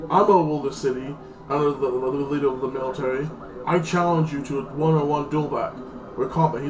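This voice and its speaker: Guy rambling thru a tv episode recap, swears a lot, lots of ums, echoey room w music going. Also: mid-range voice. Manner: rambling, crude, heavy fillers. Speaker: TV episode reviewer. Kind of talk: casual recap review.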